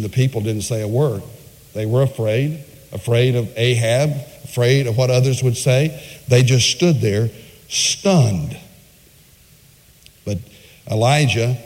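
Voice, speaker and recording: Male preacher, mid-pitched, emphatic storytelling sermon, long hall reverb. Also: darkish tone. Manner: emphatic storytelling with dramatic pauses.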